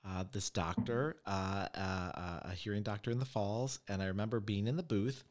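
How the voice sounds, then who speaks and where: A man's voice: on the low side, moderate pace. A man hosting a casual chat, telling stories and acting out what people said. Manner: animated storyteller, acts out quotes. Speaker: podcast host and medium.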